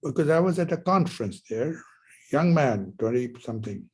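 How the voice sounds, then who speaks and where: In a rough recording, a man in his seventies delivers a university lecture, spinning a rambling personal story packed with rhetorical questions. His mid-range voice is husky and darkish in tone, with lively intonation at a normal speed.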